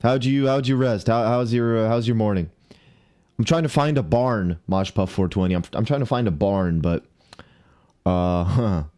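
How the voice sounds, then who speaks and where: A man's voice: lowish voice, moderate pace, warm tone. A man livestreaming a game, talking to himself and greeting viewers, mildly exasperated as he searches around. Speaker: streamer. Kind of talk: casual live game commentary.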